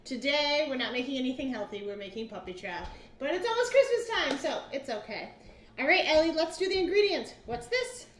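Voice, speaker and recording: A woman's voice: high voice, big pitch swings, a little fast, fairly bright tone. A woman in her thirties patiently teaching a young child in a home cooking demo, asking simple questions. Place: home kitchen. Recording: echoey room, faint noise.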